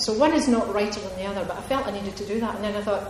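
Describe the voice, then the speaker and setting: Chatty author in an echoey hall. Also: female voice, mid-range voice, racing, few pauses, a little mellow. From Ayrshire, Scotland. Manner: chatty, digressive, laughs often, emphatic. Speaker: author at a reading. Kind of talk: audience Q&A answer. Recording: echoey hall with faint noise.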